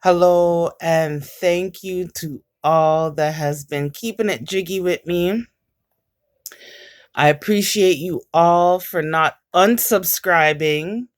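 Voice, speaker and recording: A woman vlogger with a Jamaican accent chats casually to her camera, rambling through stories and swearing often. Her voice is lowish and her pace slow.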